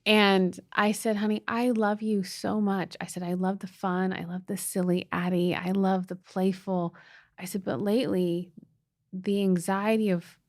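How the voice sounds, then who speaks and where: A woman's voice: on the low side, a little mellow, no echo, clean studio sound. A middle-aged woman co-hosting a podcast, telling a family story in an earnest, emotional way, with frequent restarts. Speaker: podcast co-host, mother. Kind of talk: casual storytelling chat.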